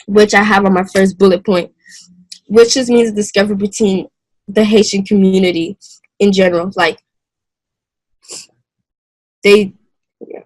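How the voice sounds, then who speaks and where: A young woman giving a class presentation in a hesitant, halting way, often restarting and clearing her throat. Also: mid-range voice, dry recording, rough recording. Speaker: student presenter.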